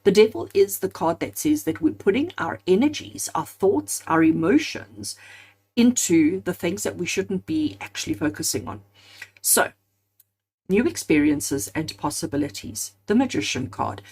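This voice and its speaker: A woman reading tarot cards for her viewers, her voice a little husky and breathy. She speaks earnestly, stacking repeated phrases into emphatic lists and calling her audience friends. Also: medium pitch, a little mellow. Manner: addresses viewers directly as friends. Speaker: tarot card reader. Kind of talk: spoken tarot reading to camera.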